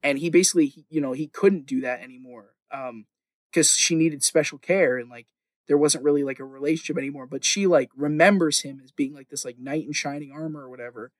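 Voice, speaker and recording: A man with a slightly raised pitch rambles through a TV recap on a podcast, swearing freely and padding his sentences with fillers. The sound is close and dry, with no room around it. He tells it with casual enthusiasm. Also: fairly quick, dry recording. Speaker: podcast host recapping a TV show.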